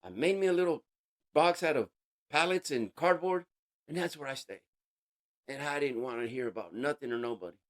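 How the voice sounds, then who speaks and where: A man giving an emotional personal testimony as an interview guest, halting and casual, with street slang. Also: medium pitch, lively intonation. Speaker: interview guest sharing a recovery story.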